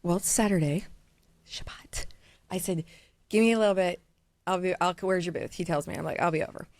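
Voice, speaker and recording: A woman's voice: on the low side, darkish tone, dry recording. Brief: middle-aged woman from Iowa, blunt and profane guest storyteller, dry close sound. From Iowa, USA. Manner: blunt, profane, fast-talking anecdote teller. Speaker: diamond dealer, guest. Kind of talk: casual podcast storytelling.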